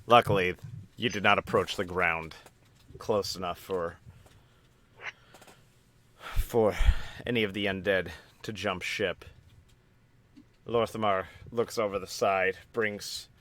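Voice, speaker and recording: Male game master, slow and low, dramatic narration. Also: fairly even intonation, a bit bright.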